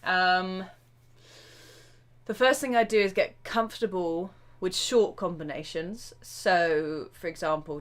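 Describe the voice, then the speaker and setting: A woman with a slightly low voice, talking casually as a drum teacher on a live stream. Her delivery is chatty and quick to get excited, full of "um"s and sudden asides as she answers viewer questions. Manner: chatty and excitable, with frequent fillers and self-interruptions.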